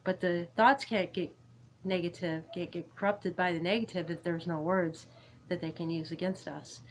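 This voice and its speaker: A woman with a fairly low voice talks casually on a livestream, drifting from thought to thought. She giggles often and answers her viewers' chat as she goes. A faint hiss sits under the recording. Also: steady tone, normal speed, low-quality recording. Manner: giggly, meandering, reads chat aloud. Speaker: YouTube livestream host. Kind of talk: rambling spiritual livestream chat.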